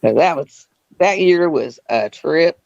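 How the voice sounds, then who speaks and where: A woman's voice: deep voice, lively intonation, takes it slowly, gravelly, darkish tone, no echo. Chatty woman telling stories, dry lo-fi sound. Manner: chatty, laughing, acts out quotes. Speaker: host. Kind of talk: casual storytelling chat.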